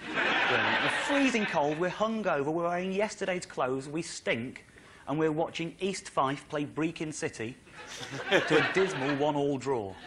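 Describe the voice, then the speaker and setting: Animated English comedian telling a story. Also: male voice, on the high side, a little slow, a little hiss or hum. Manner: animated, rambling, comic exasperation. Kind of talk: stand-up storytelling to a studio audience.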